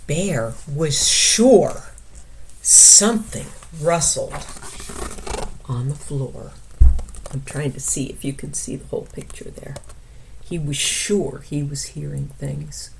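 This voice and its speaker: A woman reading a picture book aloud for children, gently explaining words and dropping into whispers. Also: low voice, takes it slowly, gravelly, background noise.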